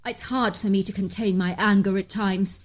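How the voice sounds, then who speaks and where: A woman's voice: mid-range voice, steady tone, normal speed, natural voice. A woman voicing an irritable, hot-tempered male hunter in a read-aloud story. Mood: annoyed. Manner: snappish, irritable.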